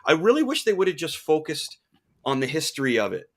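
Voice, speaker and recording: A man's voice: a little high, a little fast. A man hosting a podcast, chatting with enthusiasm like an eager fan. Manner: enthusiastic, animated fan talk. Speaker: podcast host. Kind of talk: casual podcast chat.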